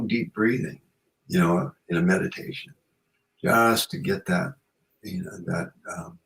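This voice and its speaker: A man's voice: low-pitched, fairly bright tone, rough recording. A man hosting a radio show, chatting in a rambling, reflective way with many "you know"s. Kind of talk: casual chat.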